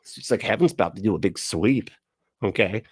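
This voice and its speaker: A man's voice: on the low side, lively intonation, brisk, darkish tone, husky, dry recording, clean studio sound. A man giving mocking reaction commentary on a live stream, sarcastic and laughing, often swearing.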